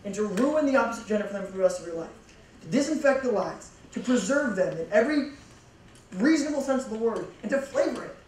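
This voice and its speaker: A man's voice: high-pitched, expressive, fast talker. A young youth pastor gives a laid-back, jokey but emphatic sermon. His voice rings around a big echoing church hall and is picked up from a distance. A faint hiss runs underneath. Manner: casual, joking, emphatic. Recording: echoey hall from far off.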